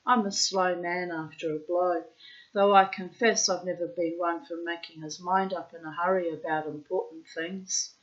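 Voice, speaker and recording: A woman reading a literary short story aloud in first person, with slow, measured narration. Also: on the low side, fairly even intonation, highs cut off. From child of migrants. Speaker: reader.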